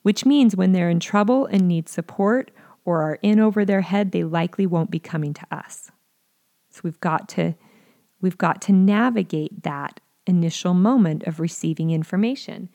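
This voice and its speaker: A parenting educator speaks earnestly to parents, teaching them how to respond to their children with curiosity and sometimes acting out what a parent might say. Her voice is mellow, on the low side, at a moderate pace.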